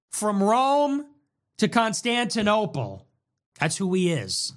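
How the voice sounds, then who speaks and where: A young man hosting a livestream, riffing casually in a mocking, animated way with lots of rapid repetition. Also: high-pitched. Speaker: livestream host.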